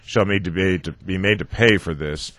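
A man's voice: low voice, normal speed, a bit bright, no echo, studio quality. A man voicing an outraged old sea captain. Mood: indignant. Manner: indignant, outraged. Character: angry old male English sea captain.

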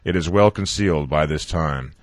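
A man reading aloud as a calm, contemptuous old sea captain held prisoner. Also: rumbling low, normal speed, no echo. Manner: calm, collected.

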